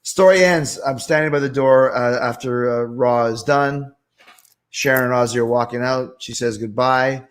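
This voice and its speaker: Male host, mid pitch, casual, animated, swears freely. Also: normal speed, clean tone. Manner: animated, profane anecdote telling. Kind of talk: casual storytelling.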